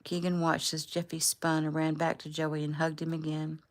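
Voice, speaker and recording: A woman, the author, reading her own novel aloud in a relaxed, conversational way. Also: deep voice, normal speed. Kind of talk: casual audiobook narration.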